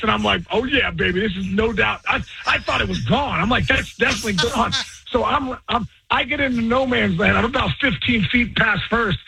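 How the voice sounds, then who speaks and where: Raspy high-voiced man telling animated stories. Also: low-quality recording. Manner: excited, repeats words, quotes others in short voices. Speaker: guest, former pro ballplayer. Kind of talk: animated storytelling on a radio show.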